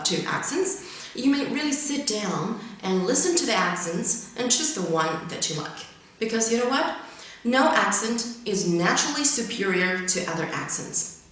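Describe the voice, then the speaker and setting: Woman teaching english pronunciation, chinese is her first language, reads words out slow and careful, big echoey room. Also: mid-range voice, a bit bright. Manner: reads word pairs slowly and carefully. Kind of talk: explanatory lesson.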